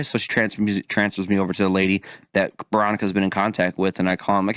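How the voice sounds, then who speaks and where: A man talking quickly in a low voice, ranting with plenty of swearing in loose, casual chat. The sound is dry and close, with no room around it. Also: clear, resonant tone, no room sound. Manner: profane, animated ranting. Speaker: podcast co-host.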